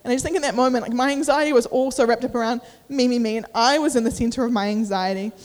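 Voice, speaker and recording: Young woman, high voice, sermon, casual and emotional delivery, long hall reverb. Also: fast talker, a little mellow. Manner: casual, emotional, uses many fillers. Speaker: preacher. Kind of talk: sermon with personal story.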